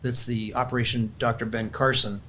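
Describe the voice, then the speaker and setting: A man's voice: mid-range voice, little pitch movement, a little fast, a bit bright, a little hiss or hum. An older man, a grandfather and podcast guest, telling a heartfelt family story in an earnest, conversational way and closing in prayer.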